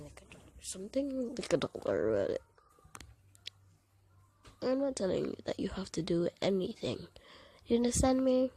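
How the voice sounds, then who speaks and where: Vlog voiceover: woman, soft and hushed, husky with some gravel. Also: mid-range voice. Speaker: vlogger. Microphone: recorded voiceover.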